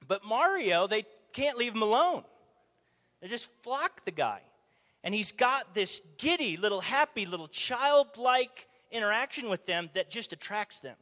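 A man preaching a conversational sermon, animated, asking the audience rhetorical questions, in a church or meeting hall. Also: high voice, measured pace. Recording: long hall reverb.

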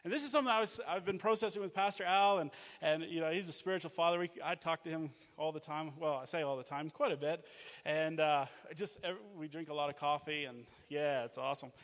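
A man from Australia preaching a sermon, energetic and jokey, telling stories and acting out what people said. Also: on the high side, fairly quick, long reverb tail. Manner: energetic, animated, jokey, acts out quotes. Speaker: guest preacher, mission leader. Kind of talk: sermon with storytelling. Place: church.

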